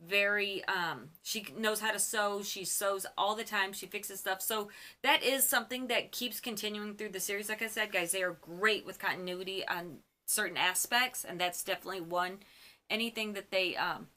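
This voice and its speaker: Bright-voiced chatty woman recapping episodes. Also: medium pitch, fairly even intonation, moderate pace. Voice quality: chatty and gushing. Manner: frequent ums and self-corrections. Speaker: fan channel host. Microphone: on camera.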